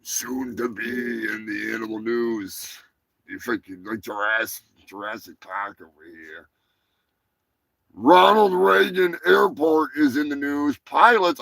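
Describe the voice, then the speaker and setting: A man's voice: mid-range voice, sharp tone, no room sound. A man hosting a live show, talking in a crude, rambling, joking way. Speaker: podcast host. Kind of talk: casual live show commentary.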